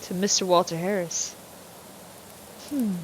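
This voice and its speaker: A woman streamer playing a game, reading its text aloud slowly and adding dry, wry asides. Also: lowish voice, slight background noise, poor audio.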